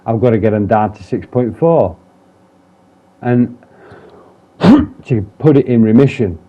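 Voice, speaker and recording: A man's voice: mid-range voice, lively intonation, unhurried. A man talking candidly in a personal vlog, rambling, swearing often and restarting his sentences. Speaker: vlogger. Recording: dull lo-fi sound.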